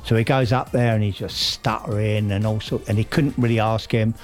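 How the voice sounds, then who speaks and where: A man's voice: on the low side, steady tone, a little fast, faint music behind. A man casually recapping a soap plot, rambling with lots of fillers and restarts. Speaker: podcast co-host recapping a soap. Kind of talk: casual chat, storytelling recap.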